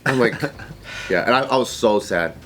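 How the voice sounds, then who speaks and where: A man's voice: moderate pace, slight background noise. A man co-hosting a casual chat, telling a story and acting out the people in it. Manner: animated, acts out quotes in high voices. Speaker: podcast co-host.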